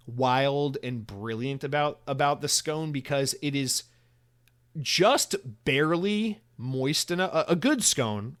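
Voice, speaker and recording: A man's voice: mid-range voice, a bit bright. A young American man hosting a solo podcast, talking casually in a rambling, profane way, full of restarts and fillers. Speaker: podcast host.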